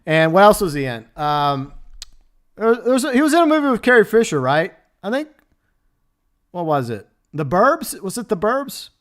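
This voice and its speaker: Male stream host, chatty and easygoing, with a clean, smooth voice pitched a little high; laughs often. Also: big pitch swings, normal speed, fairly bright tone. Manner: chatty, laughs often, answers chat messages. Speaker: livestream host. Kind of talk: casual livestream chat.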